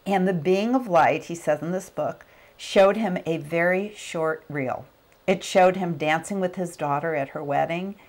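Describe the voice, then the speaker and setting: Middle-aged woman telling a lively personal story. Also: lowish voice, measured pace. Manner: animated storyteller, acts out quotes. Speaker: motivational speaker.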